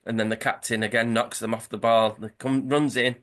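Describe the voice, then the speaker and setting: A man's voice: medium pitch, flat delivery, brisk, a bit bright. A man, a podcast host casually retelling a football comic story, rambling with fillers and restarts.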